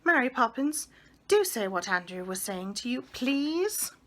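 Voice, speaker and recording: A woman's voice: on the high side, big pitch swings, unhurried, a bit bright. A woman voicing a sensible young girl who speaks in a coaxing, earnest way.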